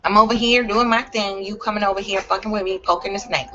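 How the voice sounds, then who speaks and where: A woman's voice: medium pitch, steady tone, quick pace, hardly any pauses, sharp tone, lo-fi sound, slight background noise. A woman talking straight to camera in a blunt, profane, emphatic rant. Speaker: vlogger. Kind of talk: ranting vlog monologue.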